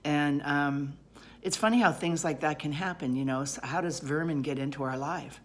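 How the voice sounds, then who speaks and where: Woman storyteller, low voice, animated, rambling, lots of fillers. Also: normal speed. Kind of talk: personal story told aloud.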